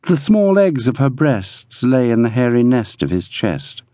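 Lively male audiobook narrator. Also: medium pitch, no room sound, clean studio sound. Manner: measured, descriptive. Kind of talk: scripted narration. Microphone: close studio mic.

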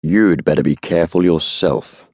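A man reading the part of a blunt, gruff police constable who rumbles his words and uses rough grammar. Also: normal speed, darkish tone, no room sound. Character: gruff stolid male London constable.

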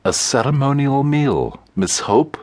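A male audiobook narrator voicing a grave young man who jokes slowly and deadpan. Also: medium pitch, voice pushed up. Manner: slow and deadpan. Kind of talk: audiobook character reading.

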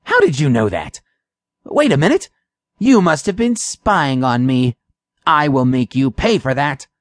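A woman voicing a ruthless male cat who threatens slowly and coldly in a storybook. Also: extremely low pitch, big pitch swings, no room sound, studio quality, full character voice. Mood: menacing. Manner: slow, threatening.

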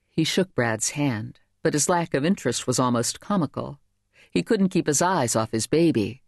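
Lively woman narrating a novel, dry studio sound. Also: moderate pace, gravelly, dry recording. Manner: lively, voices characters with raised pitch. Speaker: audiobook narrator. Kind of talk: scripted narration.

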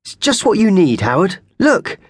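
An excitable little male mouse from a children's storybook squeaks high and bright. His voice leaps all over in eager bursts, and the sound is close and dry. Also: moderate pace, slightly rough, no echo, exaggerated voice. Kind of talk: children's audiobook reading.

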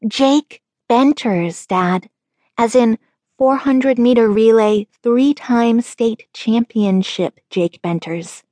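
A pleading, excitable teenage girl, acted by a woman narrator in an audiobook. Her voice climbs high and loud as she begs. The recording is close and dry. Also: normal speed, few pauses, dry recording. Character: seventeen-year-old girl, pleading and whiny. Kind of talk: audiobook character voice.

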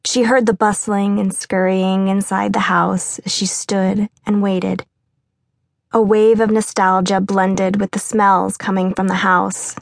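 A woman reads a novel aloud in a measured, even storytelling voice. Her pitch sits in the middle for a woman. The recording is close and dry, with no room sound. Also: vocal fry, no room sound. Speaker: audiobook narrator. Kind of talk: scripted narration.

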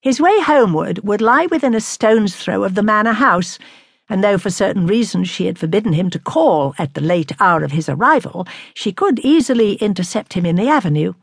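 A woman narrating a classic novel in a measured, expressive way. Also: medium pitch, creaky, husky, dry recording, clean studio sound. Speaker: audiobook narrator.

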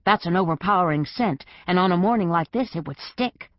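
A woman's voice: on the low side, fairly quick, no room sound, dull audio, lightly acted. A woman doing a matter-of-fact dog. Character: sensible, sharp-nosed female corgi dog.

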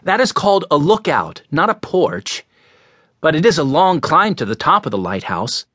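Casting note: an easygoing teenage brother, read by a man. Slightly husky, in a storybook. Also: on the high side, big pitch swings, moderate pace, fairly bright tone, dry recording, studio quality. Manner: easygoing, amused. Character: good-natured teenage older brother. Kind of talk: audiobook character voice.

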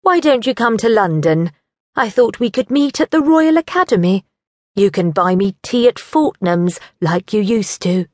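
A woman voicing a dramatic, self-centred mother who speaks high and emphatically. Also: expressive, moderate pace, darkish tone, no room sound, studio quality, lightly acted. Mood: theatrical.

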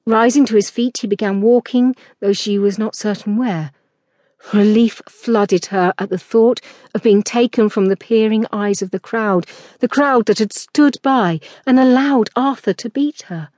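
A woman narrating a historical romance audiobook in a measured, expressive reading. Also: mid-range voice, no room sound, clean studio sound.

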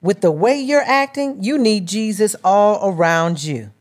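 A woman's voice: mid-range voice, animated, a little slow, pitched above the performer's own voice, natural voice. Woman voicing a sassy, folksy church-going sister. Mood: preachy.

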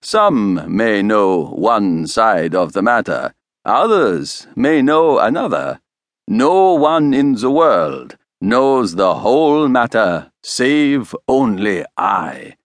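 Storybook villain: a velvety, fawning foreign schemer, read by a man, slow and sly. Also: fairly low pitch, sing-song, no echo. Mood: smug, oily. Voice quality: velvety, faint foreign accent. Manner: obsequious, smug. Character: oily scheming foreign male inventor.

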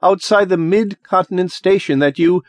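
A man's voice: high-pitched, normal speed, no echo, voice pushed up, natural voice. A man voicing an anxious young man who pleads with his friend in a miserable, panicky way, in an audiobook. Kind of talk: audiobook character voice.

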